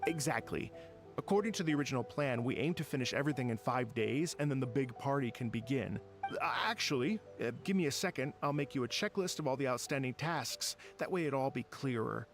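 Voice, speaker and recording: A man's voice: mid-range voice, big pitch swings, brisk. An actor playing a polite male event organizer with a courteous, slightly hesitant way of talking, over game music.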